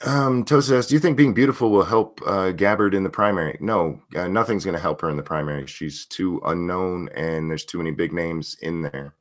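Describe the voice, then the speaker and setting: Very low and deep, a man's voice reads out chat messages while hosting a casual livestream. He speaks briskly with hardly any pauses, blunt and freely profane, in a loose conversational rhythm.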